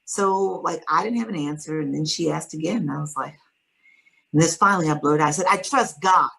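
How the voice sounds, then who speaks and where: A woman's voice: low-pitched, fairly quick, gravelly, rough recording. A woman guest author telling a personal story in an interview, earnest and emphatic.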